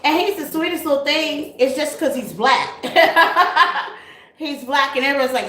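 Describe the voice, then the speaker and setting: Slow-talking woman streaming live in an echoey room. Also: sits high. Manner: warm greetings to viewers, affectionate terms like baby and honey. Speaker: tarot reader hosting a live stream. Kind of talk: casual live-stream chat. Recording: echoey room, faint noise.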